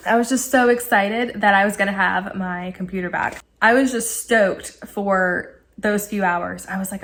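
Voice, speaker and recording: A woman in her thirties casually telling a story to camera, animated and laughing, acting out her own excited quotes. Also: mid-range voice, fairly quick. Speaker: vlogger.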